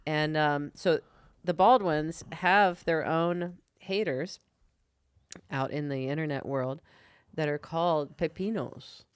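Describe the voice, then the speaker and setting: A woman co-hosting a casual TV talk podcast, chatty and quick to laugh. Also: sits low, smooth, no room sound, clean studio sound. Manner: giggly, chatty, laughs often. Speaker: podcast co-host. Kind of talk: casual chat.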